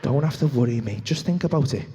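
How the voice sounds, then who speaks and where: A man voicing his own coaxing inner impulse voice, low and hushed. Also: animated, fast, a little hiss or hum, close to an everyday voice. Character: man's gruff tempting inner impulse voice. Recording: comedy club stage mic.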